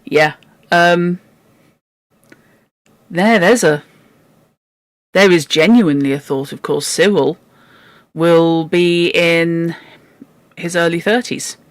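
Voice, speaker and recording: Book club host, chatty and exasperated, mid pitch, dry close sound. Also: slow pace, long pauses, no room sound. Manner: exasperated, chatty, swears in asides. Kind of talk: casual chat and reading aloud.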